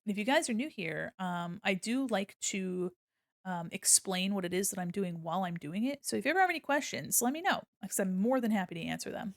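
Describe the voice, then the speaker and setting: A woman's voice: medium pitch, lively intonation, brisk, creaky, no room sound, clean studio sound. A woman streaming her drawing session, chatting casually and giggling while she explains each step. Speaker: art streamer. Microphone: desk microphone.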